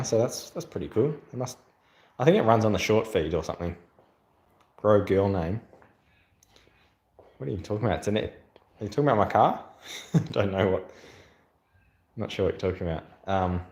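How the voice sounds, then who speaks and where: His voice is on the low side with a darkish tone, and his accent is Australian. As the channel host on a livestream, he chats loosely, rambling through fillers and reading viewer comments aloud, all in an echoey room.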